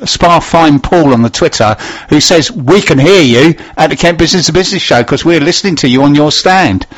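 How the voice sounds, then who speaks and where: Male radio host with a fairly high voice; quick, teasing, and quick-witted in live studio banter.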